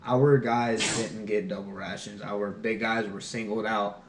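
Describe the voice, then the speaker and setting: A man's voice: lowish voice, unhurried, recorded from a distance. Ex-marine guy telling funny stories, echoey room, sits back from the mic, light hiss. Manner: animated, laughing, acting out shouting drill instructors in his stories. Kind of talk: casual storytelling chat.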